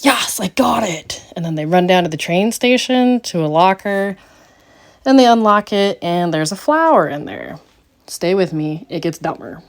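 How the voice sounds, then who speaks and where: On her podcast, a middle-aged woman recaps a lousy movie in a smooth voice, full of snark and ridicule. Her pitch spikes sharply for the jokes.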